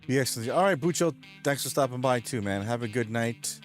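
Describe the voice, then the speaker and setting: A man's voice: mid-range voice, expressive, fairly quick, soft background music. Rambling man chatting on a late-night stream. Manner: rambling, chuckles often, retells jokes. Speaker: live streamer reading chat.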